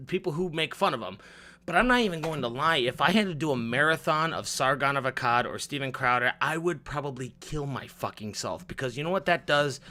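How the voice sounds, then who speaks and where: A man talking off the cuff in a vlog, with an upward inflection, swearing freely and repeating words as he goes. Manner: upward inflection, swings from loud rants to low mutters. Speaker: vlogger. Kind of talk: off-the-cuff monologue.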